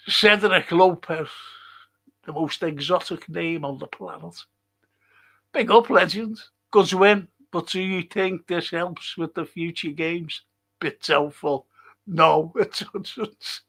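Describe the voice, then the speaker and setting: A man's voice: a little high, slow, gravelly, a bit bright, breathy edge. A middle-aged man, hosting a casual football livestream and answering viewer comments bluntly, swearing often. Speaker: football podcast host.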